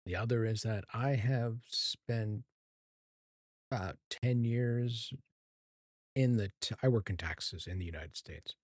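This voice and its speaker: A man in his thirties chatting calmly while streaming a game, soft-spoken and hesitant, with many ums and restarts. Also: on the low side, slow pace, long pauses, no echo. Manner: calm, soft-spoken and even. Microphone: streaming mic with equalizer.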